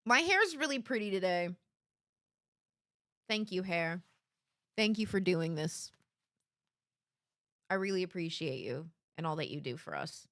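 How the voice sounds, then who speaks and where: A woman in her twenties streaming live, chatting casually to her audience in a rambling, giggly way with sudden excited outbursts. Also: fairly low pitch, unhurried, long pauses, dry recording, clean studio sound.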